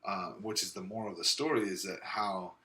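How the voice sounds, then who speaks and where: A young man chats casually as a podcast co-host. His voice sits fairly low but has a bright edge. He rambles with many fillers, and his slight speech impediment makes him repeat words. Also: fairly even intonation, brisk. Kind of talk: casual chat.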